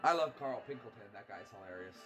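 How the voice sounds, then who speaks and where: A man's voice: on the low side, expressive, fast. A man hosting a let's play, chatting casually and rambling through stories while laughing at himself. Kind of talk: casual chat over gameplay. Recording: loud game music behind.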